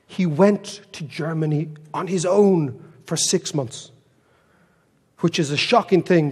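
An Irish keynote speaker tells story after story with wry, self-deprecating humor. For a man, his voice is fairly high, and a big hall's long reverb rings through the audio.

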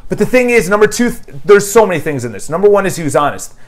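A man's voice: high voice, sing-song, fast talker. A man reviewing a book in a casual motivational monologue, emphatic and repeating his points. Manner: emphatic, repeats phrases, lists questions; quotes an author's dialogue in paraphrase. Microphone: new microphone, home video.

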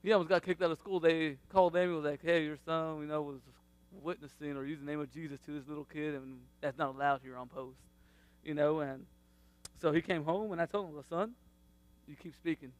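A man, around his thirties, sharing a faith testimony about his family in a casual, animated way, laughing often and acting out what people said. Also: fairly high pitch, brisk, smooth, dry recording.

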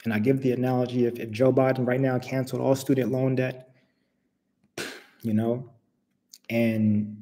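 A man's voice: mid-range voice, level tone, moderate pace, pauses often, warm tone. A man from the United States giving an informal, conversational sermon full of rhetorical questions. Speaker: preacher. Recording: long reverb.

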